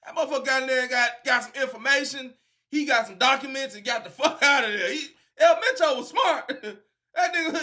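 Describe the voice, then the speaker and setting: A man hosting a casual reaction video, animated and profane, laughing and breaking into shouts. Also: very high-pitched, brisk.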